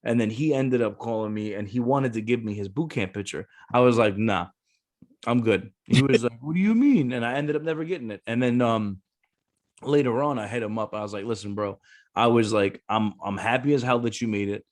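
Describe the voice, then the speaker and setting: Brisk and on the low side, this man's voice belongs to a Marine gunnery sergeant and former recruiter talking casually on a podcast. He cusses freely, speaks bluntly, and acts out the voices in his stories.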